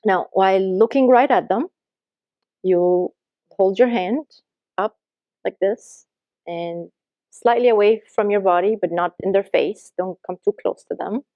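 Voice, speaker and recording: A woman's voice: medium pitch, moderate pace, dry recording, dull audio. A woman life coach giving earnest, emphatic advice to camera, acting out the lines people say.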